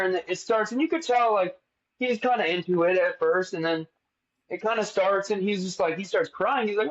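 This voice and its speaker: A young man co-hosting a podcast, telling stories in a casual, animated way and swearing freely. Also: high-pitched. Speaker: podcast co-host. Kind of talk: casual chat. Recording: dull lo-fi sound.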